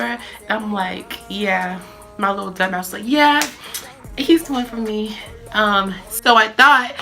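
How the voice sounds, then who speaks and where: Young woman from boston area, bright clear voice, chatty storytime w lots of um and like, soft music under it. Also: mid-range voice. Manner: chatty, full of fillers and restarts. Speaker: vlogger telling a story. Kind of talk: casual storytime.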